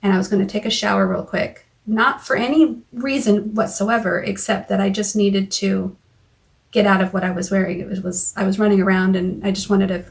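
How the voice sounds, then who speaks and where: A woman talking straight into her phone camera in a raw personal vlog. She retells a frightening argument in a halting way, with restarts and back-and-forth quoted dialogue, in a voice of middling pitch. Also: steady tone, gravelly. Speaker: vlogger. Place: car or home.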